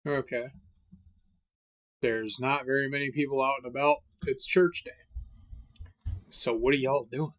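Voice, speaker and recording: An offhand game master talks through a horror tabletop session at an ordinary middle pitch, stopping and restarting often and stumbling through fillers. Now and then a casual curse slips in. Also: steady tone, fairly bright tone. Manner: halting, many fillers, casual swearing.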